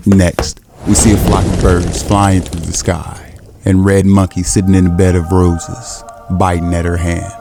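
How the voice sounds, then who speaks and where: A man narrating a comic recap in plain, steady storytelling. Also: low-pitched, noisy background. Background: background music.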